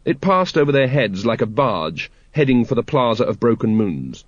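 A man's voice: medium pitch, sing-song, moderate pace, dry recording, highs cut off. A man reading a fantasy novel aloud with dry, wry storytelling. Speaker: audiobook narrator. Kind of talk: scripted narration.

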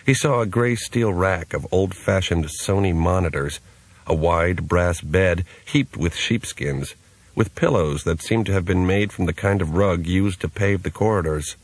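Deep, husky male audiobook narrator. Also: a little slow, no room sound. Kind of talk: scripted narration.

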